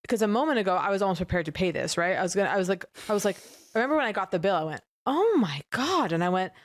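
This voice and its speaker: A woman co-hosting a podcast in casual chat, telling stories with animated energy and acting out what other people said. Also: medium pitch, very fast. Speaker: podcast co-host.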